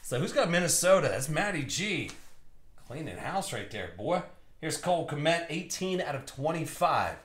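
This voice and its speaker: A young man hosting a live trading card break, excitedly calling out cards and buyers in slangy chat. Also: a little high, moderate pace. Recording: roomy echo.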